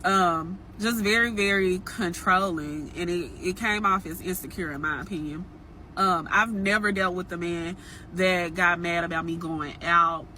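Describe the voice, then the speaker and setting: A woman's voice: fairly low pitch, bright, forceful tone, a little hiss or hum. A young woman telling a personal dating story to her viewers in a casual, frank, chatty way. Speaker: storytime vlogger.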